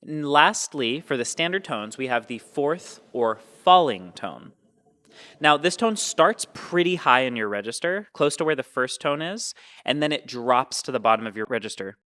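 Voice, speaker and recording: A man's voice: medium pitch, animated, normal speed, pushed and bright. A man teaching Mandarin tones, explaining patiently and demonstrating each sound. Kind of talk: explaining with spoken examples.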